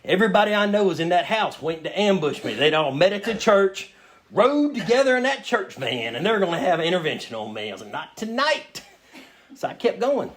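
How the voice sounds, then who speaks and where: High-pitched and fast, with big pitch swings, a man tells a humorous story about himself at a recovery meeting, acting out his own lines in a raised voice. The live audience in the meeting room can be heard laughing.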